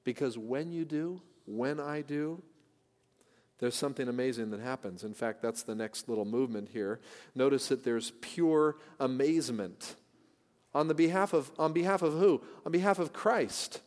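A man preaching a sermon as pastor, earnest and questioning, swinging from loud to hushed. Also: mid-range voice, normal speed. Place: church sanctuary. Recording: long church reverb.

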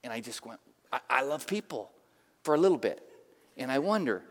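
A middle-aged male pastor from the San Francisco area, preaching a sermon with lively personal stories in a church. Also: mid-range voice, fairly quick. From San Francisco area, USA. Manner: animated, emphatic storyteller. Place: church sanctuary. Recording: reverberant church hall.

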